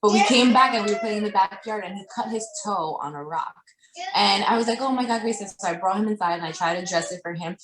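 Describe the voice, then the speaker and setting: A woman's voice: medium pitch, fast talker, a crowd in the background. A woman in her thirties, a parent and podcast guest, talking in a casual, emotional way. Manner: emotional, breaks into tearful laughter. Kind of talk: casual interview conversation. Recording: echoey room with background noise.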